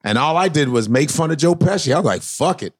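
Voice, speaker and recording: A male comedian in casual podcast banter, telling stories in a profane, animated way. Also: on the high side, fast. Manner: profane, animated storytelling with frequent laughter.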